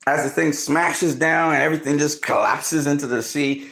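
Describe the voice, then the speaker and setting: A man in casual film commentary, excitedly retelling movie scenes, swearing often and acting out reactions. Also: medium pitch, moderate pace, creaky.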